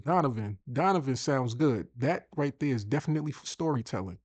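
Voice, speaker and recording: A man's voice: mid-range voice, expressive, fairly quick, a little mellow, no echo. A man hosting a casual screen-share tutorial, chatty and thinking aloud as he repeats himself. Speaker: host.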